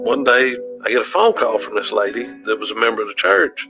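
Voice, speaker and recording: A man's voice: lowish voice, lively intonation, brisk, creaky, few pauses, over music, low-quality recording. A man, recalling events in a documentary interview and acting out the dialogue he quotes. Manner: storytelling, acts out quoted dialogue. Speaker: interviewee, former church member.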